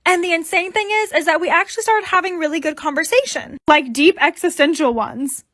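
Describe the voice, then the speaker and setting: A woman's voice: very high voice, a little fast, a bit bright, no room sound, clean studio sound. A young woman telling a first-person storytime in a gossipy, teasing way.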